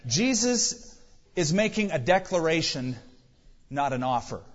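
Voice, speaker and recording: Higher-voiced male preacher in a reverberant hall. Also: very animated, a little slow. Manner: rhetorical questions and numbered points; sudden rises in pitch and volume for emphasis. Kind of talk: sermon. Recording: long hall reverb, dull lo-fi sound.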